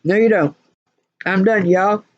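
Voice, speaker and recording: In a vlog monologue, a spiritual vlogger scolds her viewers preachily, talking in emphatic bursts and saying the same phrases over. She speaks at a measured pace in a mid-range voice, and the sound is lo-fi.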